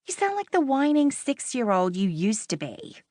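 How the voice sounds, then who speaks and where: A woman's voice: on the high side, wildly swooping pitch, normal speed, darkish tone, no room sound, studio quality, voice pushed up. A woman voicing a firm, coaxing female cousin who scolds affectionately, in an audiobook reading. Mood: scolding.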